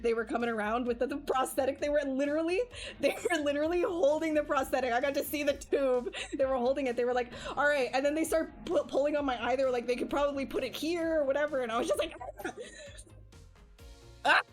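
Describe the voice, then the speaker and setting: A woman livestreaming, telling a personal story in casual chat, animated and laughing often, with many fillers. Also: sits high, fast talker, soft background music. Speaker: livestream artist. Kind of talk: casual chat while streaming.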